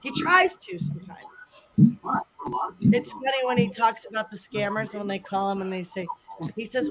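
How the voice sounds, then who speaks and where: A woman from the Chicago area chats loosely on a live stream panel, swearing freely and breaking into laughs. Her voice sits fairly high. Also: animated, normal speed, a bit bright, rough recording. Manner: chatty, swearing, laughs often. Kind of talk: casual livestream chat.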